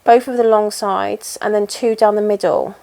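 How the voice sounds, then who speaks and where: A woman's voice: medium pitch, steady tone, normal speed, vocal fry, dark tone. Chatty woman stitching and rambling. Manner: rambling, chatty and self-deprecating. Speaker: cross-stitch vlogger. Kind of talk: casual chat while stitching.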